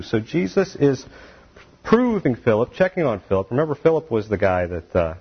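A man's voice: mid-range voice, sing-song, normal speed, breathy edge. A man teaching a casual Bible study, retelling scripture in plain, conversational everyday speech, heard on a dull, lo-fi recording.

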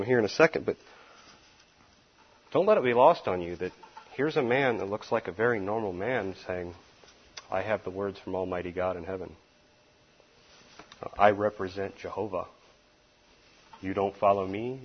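A man works through a Bible passage in expository teaching, emphatic and folksy, with wry asides he sometimes laughs at himself. His voice is low and slightly rough, at normal speed with long pauses. The highs are cut off.

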